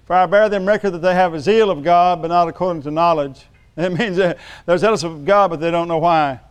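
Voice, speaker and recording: Delivering a sermon in church, a man with a high, smooth, resonant voice keeps a brisk pace. He jokes with the congregation, then rises to emphatic, ringing declarations.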